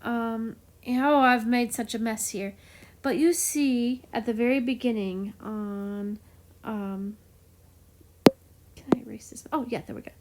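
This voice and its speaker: A woman with a somewhat high voice teaches chant in a casual, chatty way. She is openly enthusiastic and playful about the material. She talks with plenty of fillers and little laughs. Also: fairly even intonation, a little slow, background noise. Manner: enthusiastic, playful, self-described geek. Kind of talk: casual explanatory lesson.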